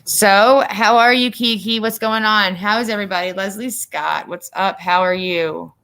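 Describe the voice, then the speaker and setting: A woman's voice: medium pitch, steady tone, normal speed, fairly bright tone. A middle-aged woman from the northern US hosting a casual livestream chat, rambling with lots of fillers. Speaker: livestream host.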